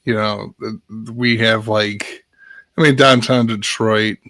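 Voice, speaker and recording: A man's voice: lowish voice, steady tone, slow pace, bright, forceful tone, no echo. A man in casual chat, joking and laughing along.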